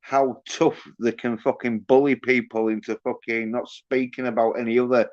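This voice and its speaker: A man's voice: mid-range voice, flat delivery, normal speed, darkish tone, no room sound. A man hosting a livestream, ranting with constant swearing. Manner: profane, ranting, heavy swearing. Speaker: livestream host. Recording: dull lo-fi stream audio.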